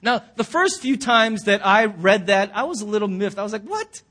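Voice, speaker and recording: This high-pitched male pastor preaches at a normal speed inside his church's sanctuary, bringing the story to life by performing the voices of those he quotes.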